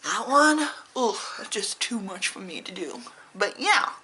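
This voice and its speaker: Bright-voiced woman chatting candidly. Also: medium pitch, very animated, measured pace, poor audio. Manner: rambling, candid and personal. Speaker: beauty vlogger. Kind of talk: casual chat to camera.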